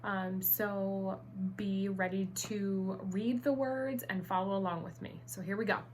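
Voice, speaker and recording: A woman teaching an online first grade reading lesson, upbeat and encouraging, enunciating clearly. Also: medium pitch, steady tone, measured pace, a little hiss or hum.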